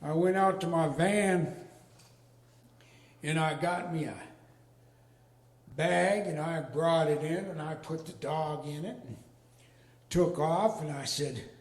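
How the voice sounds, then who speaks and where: An older man telling a comic story on stage in a folksy, deadpan drawl. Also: fairly high pitch, slow, long pauses. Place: arts venue stage with a live audience. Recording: echoey hall with long reverb.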